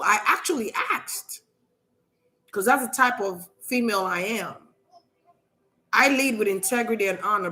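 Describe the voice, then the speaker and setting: A woman psychic reader speaking to her viewers in an emphatic, defiant monologue, preachy and indignant, sometimes dropping to a soft murmur. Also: medium pitch, poor audio.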